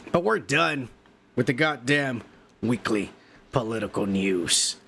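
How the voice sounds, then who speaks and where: A male podcast host, drunk and high, rambling through profane, joking commentary. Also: expressive, slow, gravelly, pushed and bright, a little hiss or hum. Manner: profane, rowdy, jokey.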